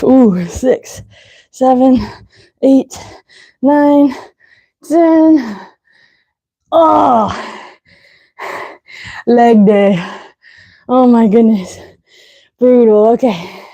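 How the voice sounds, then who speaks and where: A woman's voice: on the high side, very slow, pauses often, warm tone. A woman fitness instructor coaching a live leg workout, out of breath, counting reps aloud and giving short cues.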